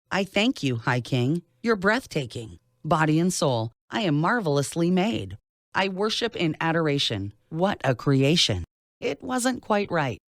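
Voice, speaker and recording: A narrator reading a novel aloud in an expressive, scripted style. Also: dry recording, studio quality. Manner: expressive reading with lively pitch. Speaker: audiobook narrator.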